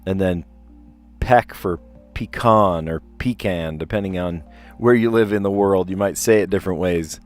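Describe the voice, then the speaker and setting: On a live stream, a man with a fairly low voice works through word puzzles, reading the clues aloud, musing over answers and rambling between guesses. He speaks at a moderate pace in a relaxed, chatty way, thinking aloud over faint background music.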